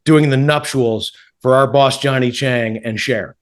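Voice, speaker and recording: A man's voice: medium pitch, steady tone, measured pace. A man co-hosting a casual talk show, making blunt, profane remarks and drawing out his words. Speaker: podcast co-host. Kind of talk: casual chat.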